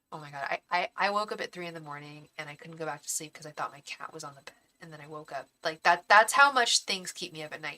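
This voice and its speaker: Emotional, heart pounding, a young woman reading tarot live addresses viewers earnestly and defensively, stumbling and restarting while calling them babe and honey. She has a lowish, bright, forceful voice, and the audio is poor.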